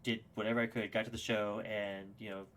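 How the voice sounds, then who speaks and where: A young man telling a story as a podcast guest, excitable and casual, swearing freely with lots of fillers and restarts. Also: fairly low pitch, brisk, slight background noise.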